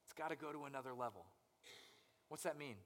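Young pastor guy preaching casual and animated, mid voice, big church hall echo. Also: medium pitch, fast talker. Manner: conversational, animated, acts out inner voices. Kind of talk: sermon.

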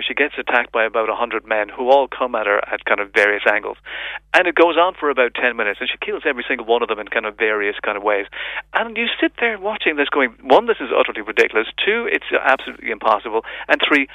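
A man's voice: medium pitch, no echo. A man reviewing films on a radio show by phone, chatty and full of fillers and restarts. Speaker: film reviewer. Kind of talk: casual radio film review. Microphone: phone call into a radio show. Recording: tinny phone line.

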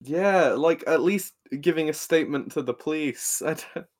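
A man's voice: a little high, normal speed. A young man co-hosting a casual comedy podcast, laughing and swearing as he retells a show's scenes. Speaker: podcast co-host. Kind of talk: casual chat recapping a show.

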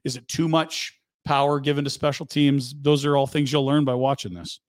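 A man's voice: medium pitch, little pitch movement, no echo. Guy hosting sports talk, dry close studio sound, easy chatty flow. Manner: chatty, quick asides and laughs. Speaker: sports radio host.

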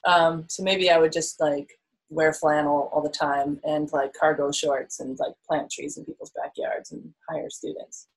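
A woman's voice: low-pitched, little pitch movement, unhurried, rough recording. A woman chatting casually and answering questions, playful and teasing, rambling with lots of fillers. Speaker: podcast co-host answering questions. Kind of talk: casual chat.

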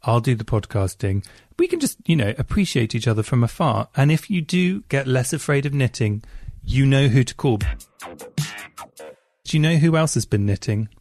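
Gravelly, chatty male podcast host. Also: medium pitch, normal speed, no echo, faint music behind. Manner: chatty, playful and expressive. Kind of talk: casual chat reading listener emails.

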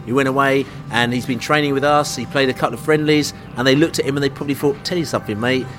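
A man's voice: medium pitch, steady tone, fast, fairly bright tone, soft background music. Chatty London man hosting a pub podcast. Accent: London English. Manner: chatty, rambling, jokey. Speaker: podcast host. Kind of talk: casual pub chat about football.

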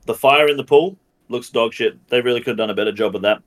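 A medium-pitched, somewhat bright Australian voice belongs to a game streamer appearing on a gaming podcast. He talks quickly and casually, ranting bluntly and swearing a great deal.

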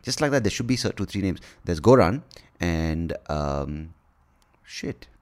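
A man's voice: deep voice, animated, measured pace. A man in his forties, a podcast host and comedian, ranting casually, profane, rambling and self-mocking.

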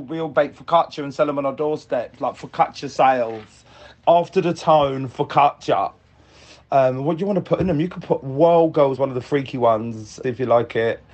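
A man leaving a rambling, jokey voice message to a podcast, swearing freely. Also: medium pitch. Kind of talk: casual voice message.

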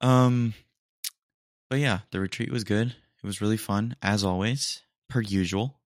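A young man hosting a podcast, chatting casually and rambling, his voice a little hoarse. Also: fairly low pitch, a little slow, no room sound, clean studio sound. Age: young adult. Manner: rambling, relaxed, many fillers. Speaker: podcast host. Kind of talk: casual solo chat.

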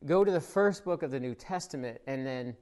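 This pastor's sermon sounds like casual storytelling, thick with fillers, and he talks fairly quickly in a mid-range voice. Excitement makes him louder and more animated, while reflection brings him down to a quiet tone. The service was recorded for people following along online.

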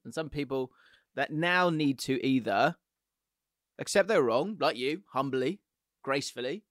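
A man co-hosting a casual football podcast, animated and jokey, slipping into quick mimicry. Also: mid-range voice, no room sound, studio quality. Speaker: podcast co-host.

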